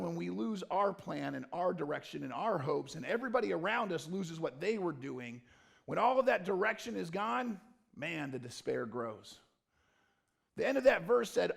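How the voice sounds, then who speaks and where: A man preaching a sermon as pastor, swinging between loud emphatic lines and low, quiet, intimate ones. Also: big pitch swings, moderate pace, gravelly. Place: church stage or studio.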